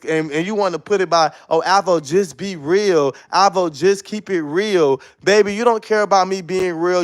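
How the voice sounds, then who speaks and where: A high-voiced man talks into his phone on a live stream. He sounds defensive and circles back to the same points again and again. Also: smooth. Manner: defensive, repeats himself. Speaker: livestreamer.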